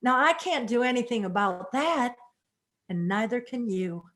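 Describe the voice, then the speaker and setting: A woman storyteller voicing the Night, a kind lady spirit who speaks in a cool, gentle way. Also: fairly high pitch, lively intonation, measured pace.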